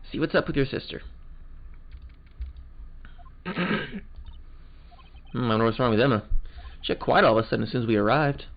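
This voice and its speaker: Gravelly guy reading game lines and joking around, muffled, game music. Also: medium pitch. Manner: loose, joking, chatty. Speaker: let's play host voicing the game. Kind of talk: casual game commentary and voicing.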